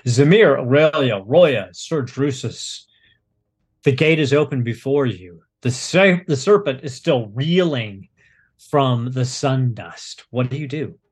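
A man narrating a tabletop game as game master, unhurried and descriptive. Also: medium pitch, lively intonation, breathy edge.

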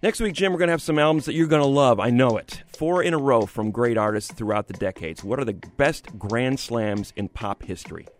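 A man co-hosting a radio music review show, explaining his views in a measured, earnest way. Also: medium pitch. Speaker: music critic co-host. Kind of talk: studio review chat. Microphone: studio microphone.

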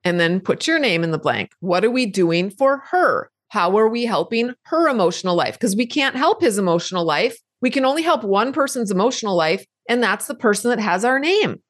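A woman's voice: medium pitch, lively intonation, a little fast, hardly any pauses, dry recording, clean studio sound. A middle-aged woman hosting a podcast, answering listener questions in a direct, conversational advice style with emphatic repetition. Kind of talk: live Q&A advice talk.

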